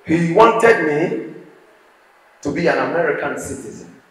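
A man with a Ghanaian accent giving an emphatic, repetitive speech to school students, often breaking into shouts. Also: fairly high pitch, lively intonation, a little slow. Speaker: motivational speaker addressing students. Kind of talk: preaching-style speech to a school crowd. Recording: echoey hall with faint background noise.

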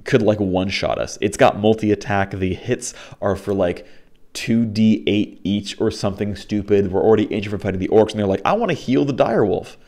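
A young man casually recapping a tabletop game session, rambling with lots of fillers and restarts, and slipping into lively quoted dialogue. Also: lowish voice, moderate pace.

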